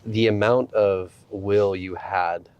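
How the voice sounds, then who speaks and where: Male podcast host, low-pitched, reflective, halting delivery. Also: fairly even intonation, clear, resonant tone, dull audio. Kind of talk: podcast interview.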